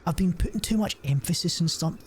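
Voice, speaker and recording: A man's voice: a little high, fast, darkish tone, slight background noise. Rambling man streaming. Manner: rambling and profane, many fillers and restarts. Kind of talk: casual chat while gaming.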